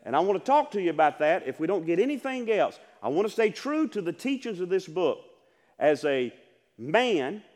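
A man's voice: high-pitched, very animated, normal speed, long reverb tail. Older male pastor preaching with fervor. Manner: impassioned preaching, repeats phrases, rising to shouted emphasis. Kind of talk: sermon.

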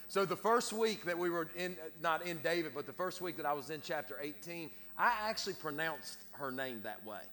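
A man's voice: a little high, fairly bright tone. A middle-aged man, preaching a sermon with casual, self-deprecating asides to his congregation. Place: church sanctuary. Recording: long church reverb.

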